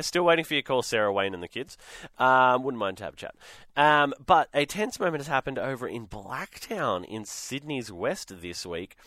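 A man with an Australian accent hosting a radio show in a chatty, animated way. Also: mid-range voice, dry recording, studio quality. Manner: chatty, animated, acts out quotes. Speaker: radio host. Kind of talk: casual radio chat. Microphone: studio microphone.

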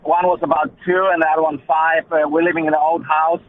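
A middle-aged man calling a radio show, telling a story in a relaxed, rambling way. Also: fairly high pitch, fast, slight background noise. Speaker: caller. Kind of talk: casual chat. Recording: tinny phone line.

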